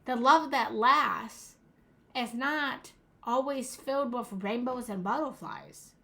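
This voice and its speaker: A young woman speaks as a relationship coach, earnest and emphatic, often circling back to repeat a phrase. Her voice sits fairly high. She takes her time, with slow, unhurried phrasing that lets each line land. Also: gravelly, fairly bright tone. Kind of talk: motivational talk to an audience.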